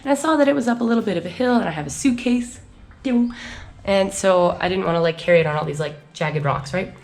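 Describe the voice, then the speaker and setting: Fast-talking young American woman vlogger. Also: fairly low pitch. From United States. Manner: chatty, animated, lots of "like" and acted-out quotes. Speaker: travel vlogger. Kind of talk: casual storytelling vlog.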